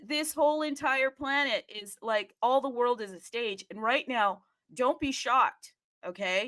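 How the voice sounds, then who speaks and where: A woman hosting a live audio chat room, talking excitedly and casually, often addressing listeners as "people" and checking in with "okay?". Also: medium pitch. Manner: animated, chatty, keeps asking "okay?" and addressing "people".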